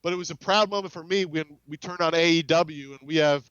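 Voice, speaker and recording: A man talks casually as a podcast guest, wandering through anecdotes with restarts and little acted-out quotes. His voice sits fairly high and sounds smooth and clear. The recording is dry and slightly dull. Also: quick pace, a bit bright, dry recording. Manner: rambling, frequent restarts, acts out quoted dialogue. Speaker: game studio CEO, podcast guest. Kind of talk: casual interview storytelling.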